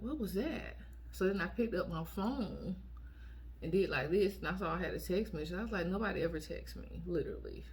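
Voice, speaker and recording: A woman's voice: lowish voice, a little fast, a little hiss or hum. Blunt woman telling a dating story. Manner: blunt, animated, quotes herself in raised voice. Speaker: storytime vlogger. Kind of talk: casual storytelling to camera.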